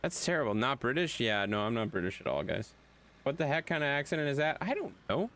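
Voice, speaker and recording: A man streaming a game live, joking and swearing with his friends in lively banter. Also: mid-range voice, brisk. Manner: excitable, profane, joking.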